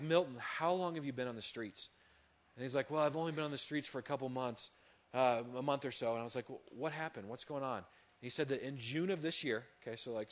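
A young man, a youth pastor, telling a story in an earnest, conversational sermon with many fillers and restarts. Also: mid-range voice. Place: church hall.

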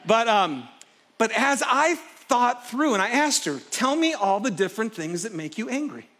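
A middle-aged man preaching a sermon from a stage, telling personal stories expressively and swinging from loud excitement to hushed intensity. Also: sits high, normal speed. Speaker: pastor. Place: stage before a live congregation.

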